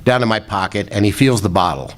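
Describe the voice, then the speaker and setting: A man's voice: lowish voice, quick pace. An older man, a former rock roadie, telling rambling anecdotes in a casual interview and chuckling as he goes.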